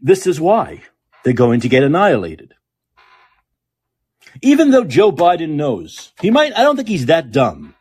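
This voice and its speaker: Husky, profane man ranting. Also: fairly high pitch, wildly swooping pitch, measured pace, long pauses, a little mellow. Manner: angry, profane, sarcastic ranting. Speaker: podcast host. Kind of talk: ranting political commentary.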